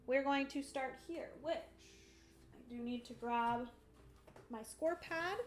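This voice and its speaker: A woman's voice: sits high, slow pace. A woman casually narrating her solo board game playthrough on a livestream, bubbly and playful, talking through each move. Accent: playful put-on country twang.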